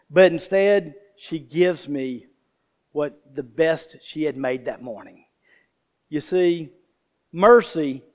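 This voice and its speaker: A man preaching a sermon, telling a homely story and speaking straight to the congregation. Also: on the high side. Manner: folksy storytelling, addresses the congregation directly. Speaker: pastor.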